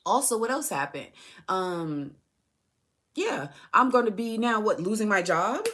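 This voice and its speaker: A woman's voice: mid-range voice, lively intonation, unhurried, a bit bright. A woman speaking directly to her son in a personal podcast monologue, telling an impassioned story full of rhetorical questions and restarted phrases. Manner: heated, repeats and restarts phrases. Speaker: mother addressing her son.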